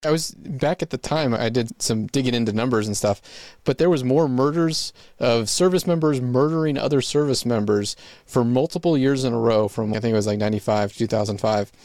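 A man's voice: mid-range voice, fairly quick, a little mellow, dry recording, clean studio sound. A man hosting a podcast in casual chat, giving short replies. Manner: brief backchannel replies and laughs. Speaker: podcast host.

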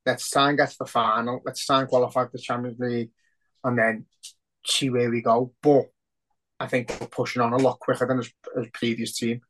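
A man, co-hosting a football podcast, talking in a sweary, excitable, rambling way. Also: mid-range voice, a little fast, poor audio. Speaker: podcast co-host. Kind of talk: casual football chat.

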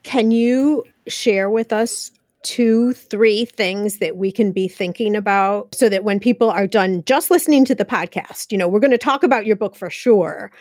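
A woman's voice: medium pitch, moderate pace, few pauses, a little mellow, no echo. A woman hosts a podcast interview in a medium voice. She encourages her guest and answers with short affirmations. Her voice sounds dry and close. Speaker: podcast host.

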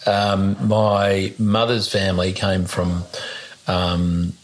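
A man's voice: sits low, monotone, slow, slight background noise. A man, hosting a casual conversation, who talks with enthusiasm, digresses and stumbles over words. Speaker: host.

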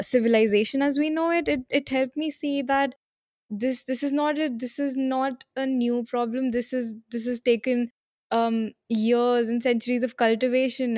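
A woman's voice: on the high side, fairly even intonation, moderate pace, darkish tone, dry recording, clean studio sound. A woman podcast host asking questions in a chatty, hesitant way with many fillers. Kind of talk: podcast interview.

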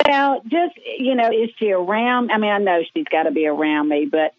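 A woman's voice: medium pitch, normal speed, no room sound. Southern woman caller on a tinny phone. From Birmingham, Alabama. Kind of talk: phone call to a radio show.

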